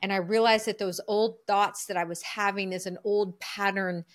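A woman's voice: mid-range voice, moderate pace. Earnest woman telling a personal story. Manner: lively, earnest storyteller who acts out her own inner voice. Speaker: podcast guest, coach. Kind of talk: storytelling in a podcast interview.

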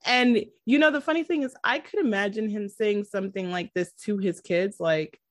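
An animated woman talks through a TV episode in casual chat, her voice sitting in the middle of a woman's range. She laughs easily and retells scenes with enthusiasm. The recording is close and dry, with no room sound. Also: mid-range voice, normal speed, hardly any pauses, no echo. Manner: animated, laughing, acts out quotes from the show. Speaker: podcast co-host reviewing a TV episode.

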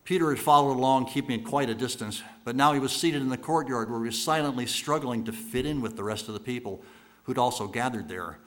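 A man's voice: medium pitch, fast. Man preaching in a dramatic storytelling voice. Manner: rhetorical repetition, swinging between loud bursts and hushed lines.

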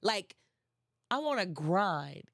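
A woman's voice: on the low side, sing-song, takes it slowly, gravelly, a bit bright, no room sound, studio quality. A woman giving a casual inspirational talk, emphatic and chatty, repeating phrases and speaking straight to her listeners. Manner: chatty, addresses listeners directly. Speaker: motivational speaker.

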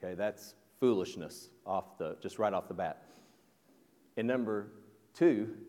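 A man's voice: mid-range voice, a little mellow. A man preaching a sermon in a conversational way, restarting his sentences and asking the listeners questions. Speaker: pastor. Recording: long echo of a large hall.

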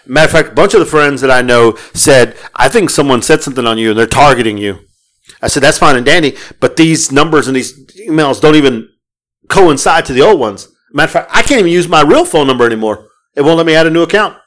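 A man's voice: mid-range voice, quick pace, fairly bright tone. A man co-hosting a podcast in casual chat, ranting with heavy profanity. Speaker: podcast co-host.

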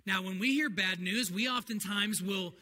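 A man's voice: high voice, normal speed, pushed and bright. A man, a pastor, preaching a sermon to his congregation in an earnest, conversational way. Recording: long hall reverb, faint noise.

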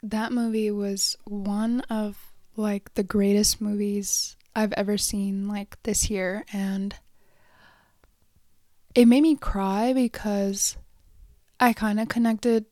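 A woman's voice: medium pitch, flat delivery, slow, warm tone, no room sound, studio quality. Rambling teenage girl vlogger. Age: teens. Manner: rambling, many fillers, whispery asides. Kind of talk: casual personal storytelling.

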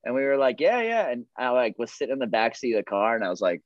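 A man's voice: medium pitch, very animated, quick pace, dry recording, muffled recording. A man, a comedian and host, telling stories in casual chat, rambling with many fillers.

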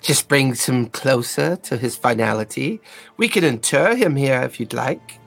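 A man voicing a cloistered woman drow priestess who speaks in an unhurried, macabre way. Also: mid-range voice, gravelly, soft background music, voice pushed down. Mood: cool, morbid.

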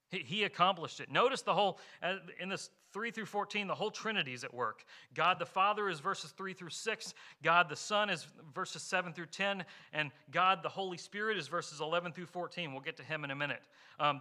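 Male pastor, sermon delivery; brightly edged, somewhat high voice, earnest, poses questions to the congregation. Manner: earnest preaching with rhetorical questions; explains with homely examples.

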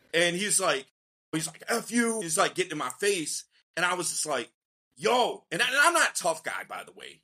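A man, a dating coach on a podcast, telling a story in a casual, slangy way and acting out the quotes with lively energy. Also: a little high. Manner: animated, slangy storyteller who acts out quotes.

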